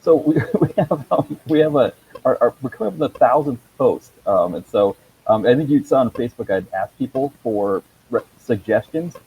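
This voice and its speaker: A man's voice: medium pitch, expressive, normal speed, dark tone, a little hiss or hum, poor audio. A man on a video call chatting about his movie blog, rambling with many ums and chuckles. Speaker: movie blogger guest. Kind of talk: casual video call chat.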